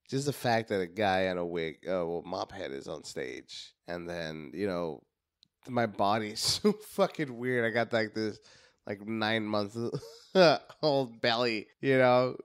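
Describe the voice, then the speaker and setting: A man's voice: fairly low pitch, unhurried, smooth. A male stand-up comedian as a podcast guest, chatting loosely, swearing and laughing between phrases. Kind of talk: casual podcast chat.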